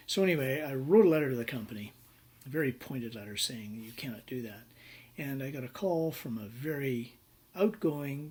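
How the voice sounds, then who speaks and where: A man's voice: medium pitch, expressive, a little fast, slightly rough. A middle-aged man teaching business law in a recorded lecture, telling stories in a conversational way with many fillers.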